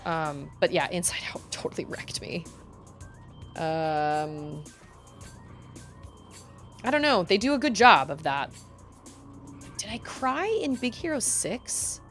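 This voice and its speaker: A woman's voice: lowish voice, expressive, slow, long pauses, a bit bright, soft background music. A woman livestreaming a video game, chatting casually and rambling, laughing often. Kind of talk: casual chat while gaming.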